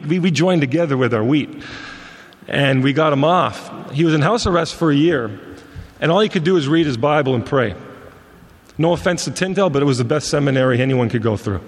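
A man's voice: mid-range voice, expressive, moderate pace, slightly rough. A man from Montreal, a ministry leader, telling stories in a folksy sermon talk. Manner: folksy anecdotal storyteller. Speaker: ministry leader and guest speaker. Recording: long reverb of a large hall.

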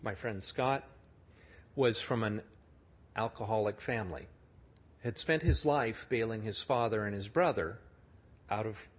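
A man's voice: on the low side, unhurried, long pauses, husky. A middle-aged man telling a story in a sermon, acting out the people he describes. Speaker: speaker telling a story to an audience.

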